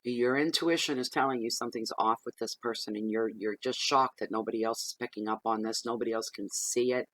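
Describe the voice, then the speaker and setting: A man's voice: medium pitch, steady tone, brisk, few pauses, a bit bright, dry recording, rough recording. A man giving a casual tarot reading, chatty and plain-spoken, often repeating himself as he gives direct advice. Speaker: tarot reader.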